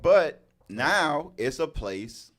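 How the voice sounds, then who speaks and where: A middle-aged man co-hosting a casual discussion, telling stories animatedly and acting out people yelling. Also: fairly high pitch, very slow. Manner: animated storytelling, acts out yelling. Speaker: show co-host.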